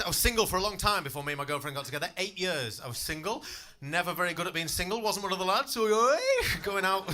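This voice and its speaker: In his twenties and doing a stand-up set at a club, this man swears freely, jokes at his own expense and banters cheekily with the crowd. His voice is fairly high and sharp in tone.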